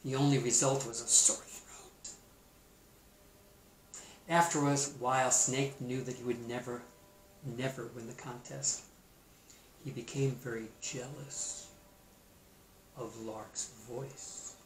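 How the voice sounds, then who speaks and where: Slow, playful male storybook reader. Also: medium pitch, a little hiss or hum. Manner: playful, expressive, comments on the story. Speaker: teacher reading aloud. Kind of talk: storybook read-aloud with asides. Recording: roomy echo.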